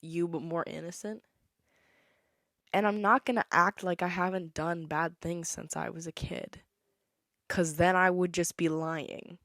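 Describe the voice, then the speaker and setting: Young woman rambling on her podcast, opinionated, lowish voice, dry close sound. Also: fairly even intonation, a little slow, fairly bright tone, dry recording. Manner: chatty, opinionated, breaks into song. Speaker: podcast host. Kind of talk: casual solo podcast monologue.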